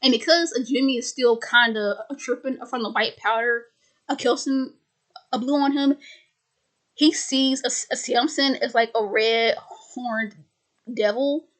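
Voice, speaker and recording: A woman's voice: fairly high pitch, fairly even intonation, unhurried. A woman casually retelling a film plot, stuttering and repeating words with many fillers. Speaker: video host retelling a film.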